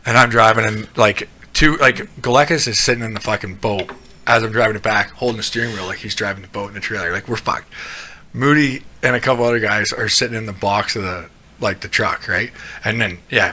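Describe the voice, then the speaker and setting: Profane rambling man, bright voice. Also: fairly low pitch, fairly quick, slight background noise. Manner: profane, rambling storyteller full of restarts. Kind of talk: casual podcast chat.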